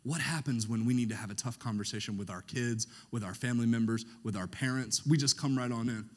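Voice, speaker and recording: A man preaching a sermon, who often pauses so that the congregation can finish his sentences. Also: medium pitch. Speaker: pastor.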